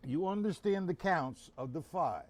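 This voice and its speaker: This drum teacher's voice is a little high and expressive, at normal speed. Streaming his lesson live, he counts beats aloud and chats with viewers while the drum kit and metronome sound loudly behind him.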